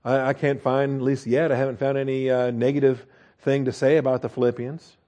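Guy doing a bible study, chatty, lots of uh and okay?, mid-pitched voice. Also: level tone, fairly quick, warm tone, muffled recording. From United States. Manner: conversational, many fillers and restarts, frequent "okay?" checks. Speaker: Bible teacher.

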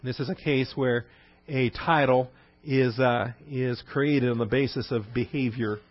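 A man's voice: medium pitch, fairly even intonation, a little slow, no echo. A middle-aged man teaches a Bible lesson conversationally, explaining Greek terms with many fillers and frequent "all right?" check-ins. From Texas. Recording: dry, slightly dull recording.

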